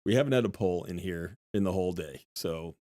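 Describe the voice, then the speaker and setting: A man in his thirties streaming a game, telling a story excitedly, laughing often and mimicking hype chants. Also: low-pitched, brisk, no echo, clean studio sound. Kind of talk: casual live-stream chat.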